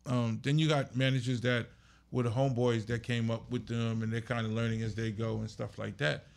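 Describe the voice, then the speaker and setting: A man's voice: medium pitch, flat delivery, fairly quick, creaky. A man, a music manager and podcast guest, telling blunt stories in casual chat. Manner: blunt, storytelling with laughs.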